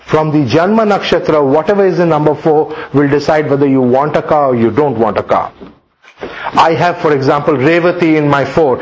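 Animated man lecturing with rhetorical questions. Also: on the high side. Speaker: astrology teacher. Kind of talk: lecture to students. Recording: dull lo-fi sound.

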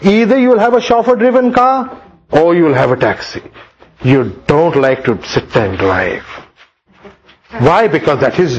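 A high-voiced man lectures his students and keeps throwing rhetorical questions at them. His delivery is animated and swings widely in pitch, and he sometimes acts out complaints. The recording sounds dull and lo-fi. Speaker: astrology teacher.

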